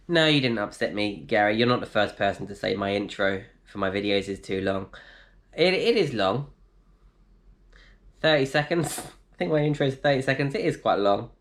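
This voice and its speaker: A man chatting casually on a live stream from his flat, reading out viewers' comments and answering them. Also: on the low side, creaky. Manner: chatty, reads out comments and replies, laughs easily. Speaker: vlogger answering live chat. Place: indoors in a flat.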